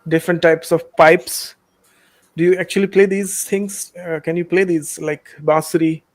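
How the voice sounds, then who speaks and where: A man's voice: on the high side, fairly even intonation, normal speed. A man from India, chatting casually and bluntly dismissing what he watches. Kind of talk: casual reaction chat.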